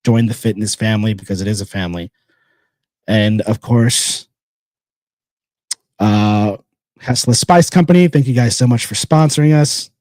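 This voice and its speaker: A man hosting a casual solo podcast, talking bluntly and rambling with repeated phrases between sponsor shout-outs. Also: lowish voice, normal speed, long pauses, dry recording, clean studio sound. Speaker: podcast host.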